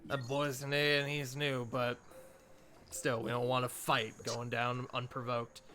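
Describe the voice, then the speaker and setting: A man's voice: mid-range voice, little pitch movement, measured pace, pushed and bright, faint music behind. A man doing a blunt gang enforcer. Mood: gruff. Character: gruff male mercenary gang enforcer.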